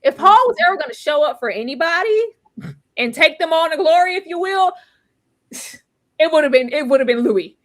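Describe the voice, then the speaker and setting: A woman in casual chat reviewing a TV episode, her voice high and bright. She is animated and expressive, laughing and bursting into near-yells when something surprises her. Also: normal speed. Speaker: TV review podcast co-host.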